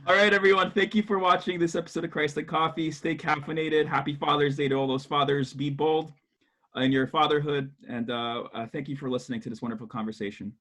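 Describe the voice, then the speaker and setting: A man's voice: a little high, fairly even intonation, quick pace, fairly bright tone. A man hosting a podcast, a pastor, who asks guests questions and closes the show with thanks and blessings. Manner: friendly, wraps up with thanks and blessings.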